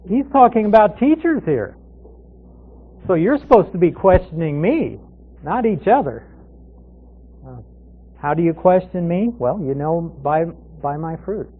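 Guy teaching the bible on the radio, kinda high voice, sounds thin like a phone line. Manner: conversational, poses questions and answers them himself. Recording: tinny phone-like radio broadcast.

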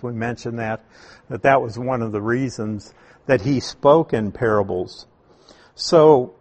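A man teaching from the Bible, explaining Greek wording in a deliberate, emphatic way and asking rhetorical questions. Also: medium pitch. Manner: emphatic, repeats key points, asks rhetorical questions; slow, deliberate delivery with stressed words.

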